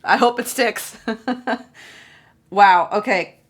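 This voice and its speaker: A woman giving a solo tarot reading, excitable and gushing, repeating phrases for emphasis. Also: medium pitch, takes it slowly. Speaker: tarot reader.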